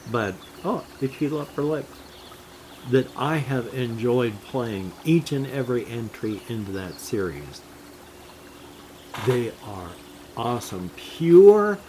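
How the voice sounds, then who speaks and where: Older man, rambling gaming vlog, slow drawn-out talk, easygoing chuckles, faint background hiss. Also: mid-range voice. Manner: slow, meandering, jumps between topics with chuckles. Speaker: gaming vlogger. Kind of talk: rambling casual monologue.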